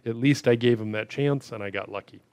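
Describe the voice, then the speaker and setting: A man's voice: mid-range voice, a little fast, a little mellow, smooth, no echo. A man casually commenting while playing a puzzle game, thinking aloud and muttering about his own mistakes.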